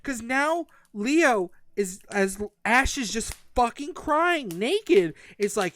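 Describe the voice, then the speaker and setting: Animated man recapping a book. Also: very high-pitched, takes it slowly, few pauses. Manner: animated, profane plot recap. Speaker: podcast co-host. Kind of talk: casual book review chat.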